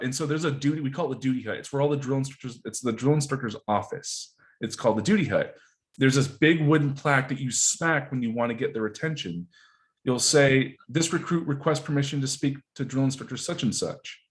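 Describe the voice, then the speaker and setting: A man guesting on a podcast, telling stories in casual, profane, animated chat. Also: medium pitch.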